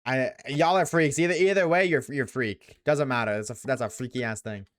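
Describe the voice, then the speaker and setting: A man's voice: mid-range voice, brisk, a bit bright. A young man live-streaming, chatting casually with his chat, slangy and swearing often.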